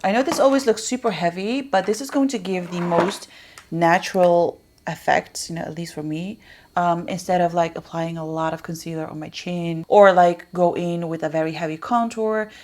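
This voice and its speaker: A woman chatting casually through a makeup tutorial, rambling on and dropping soft muttered asides. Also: lowish voice, moderate pace. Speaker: beauty vlogger.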